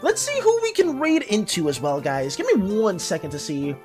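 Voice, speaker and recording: A woman streamer chatting casually with her viewers. She often trips over her words and is quick to apologize. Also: mid-range voice, huge pitch swings, music in the background. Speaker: art streamer.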